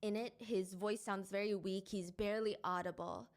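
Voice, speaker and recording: A woman's voice: medium pitch, fairly even intonation. Woman narrating a true crime story. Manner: measured, descriptive storytelling.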